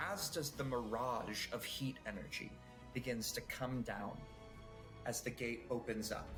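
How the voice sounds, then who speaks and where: A man's voice: medium pitch, a bit bright. A man narrating a tabletop roleplaying game as game master, describing scenes with fillers.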